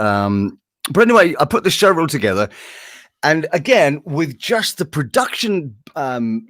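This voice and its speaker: Animated male guest who breaks into quick voice impressions, pitch swinging widely. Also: no room sound, clean studio sound. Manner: animated, jumps into impressions, laughs often. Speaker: voice-over artist guest. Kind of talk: casual interview storytelling.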